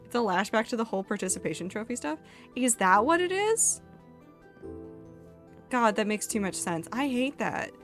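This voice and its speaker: A woman's voice: on the high side, lively intonation, normal speed, pauses often, a bit bright. A young woman streamer chatting candidly while she plays, swearing casually and reading chat messages aloud. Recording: faint music behind.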